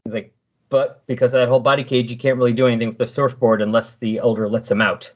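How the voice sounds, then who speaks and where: A man's voice: medium pitch, flat delivery, fast talker, muffled recording. A man hosting a podcast, recapping comic book scenes in casual chat and animatedly acting out the characters' lines. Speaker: podcast host.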